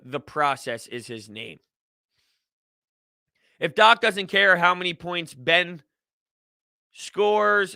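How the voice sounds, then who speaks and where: Emphatic man with a sharp, bright voice. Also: a little high, dry recording, studio quality. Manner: emphatic, repetitive, venting frustration. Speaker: host. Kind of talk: casual livestream sports talk.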